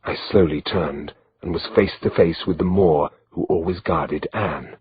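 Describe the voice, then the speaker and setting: Male audiobook narrator, low steady read, slightly dull recording, faint hiss. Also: a little slow, hardly any pauses.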